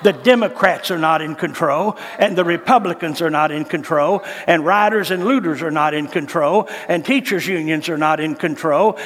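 Male pastor; fervent, folksy sermon; high voice, long church reverb. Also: normal speed, few pauses, a bit bright, a faint crowd.

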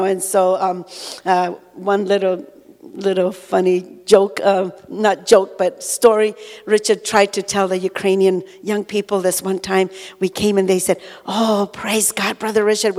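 A woman's voice: medium pitch, a little mellow. An older woman giving a conversational sermon testimony, rambling with many "you know" fillers. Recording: long echoey hall reverb.

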